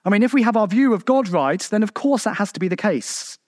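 A man delivers a sermon in a high voice with a dry, close sound. He is emphatic, asking his listeners rhetorical questions, and leaps up and down in pitch to drive his points home. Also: animated, a little fast, darkish tone, no room sound. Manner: shifts pitch sharply for emphasis. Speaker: preacher.

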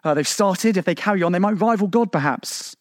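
Emphatic high-voiced preacher, dry sound. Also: male voice, a little fast, dry recording. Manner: emphatic, rhetorical questions to the congregation; shifts pitch sharply for emphasis. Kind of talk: sermon.

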